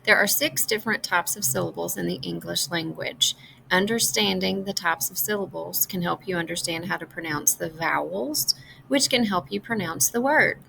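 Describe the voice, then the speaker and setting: A woman giving a scripted phonics lesson, explaining sounds slowly and clearly. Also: fairly low pitch, sharp tone, a little hiss or hum, low-quality recording. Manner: slow, clear teaching delivery. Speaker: reading teacher.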